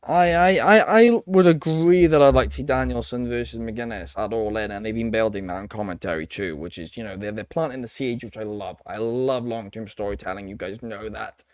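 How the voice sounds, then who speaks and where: A man's voice: on the low side, brisk, hardly any pauses, darkish tone, clean tone, dry recording, clean studio sound. A man hosting a casual podcast discussion who agrees readily and hands the talk to others with questions. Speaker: podcast host.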